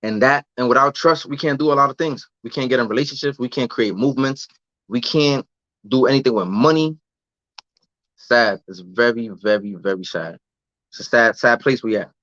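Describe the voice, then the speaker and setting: A man talks in a casual livestream style, slangy and loose, often restarting and repeating words. His voice sits at a middle pitch. The sound is dry and slightly muffled. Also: moderate pace, a bit bright, no echo. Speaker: vlogger answering live chat.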